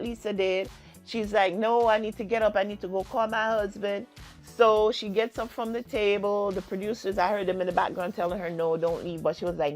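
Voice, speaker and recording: A woman casually retelling a reality TV episode, acting out the quoted lines with lots of fillers. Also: medium pitch. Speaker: TV recap vlogger.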